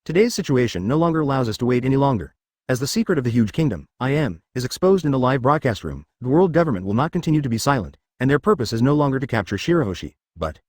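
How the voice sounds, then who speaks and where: A man's voice: medium pitch, big pitch swings, fast talker, darkish tone, dry recording, clean studio sound. A man reading the part of a solemn young revolutionary officer in a fan-fiction audiobook, speaking seriously and urgently.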